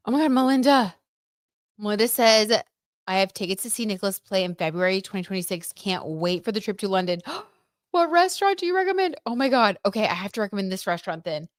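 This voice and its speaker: A woman's voice: mid-range voice, fast, no room sound, studio quality. A young woman hosting a tarot livestream, chatting casually with viewers and gushing about what she sees in the cards. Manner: chatty, gushing, many "like"s and "oh my God"s; reads out viewer comments.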